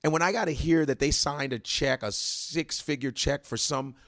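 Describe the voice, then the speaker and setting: A man's voice: fairly high pitch, normal speed, no room sound, clean studio sound. A male comedian telling stories in casual chat, acting out other people's voices and laughing often. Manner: animated storytelling, acts out voices, laughs often. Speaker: comedian guest.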